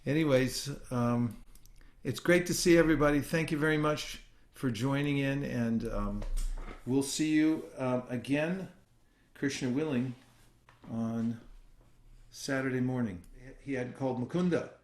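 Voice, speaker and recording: A man's voice: medium pitch, unhurried. A man teaching scripture in an echoey room. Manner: relaxed and conversational, with frequent fillers and restarts. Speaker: spiritual teacher leading a scripture class. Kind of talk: informal scripture class with storytelling. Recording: roomy echoey sound.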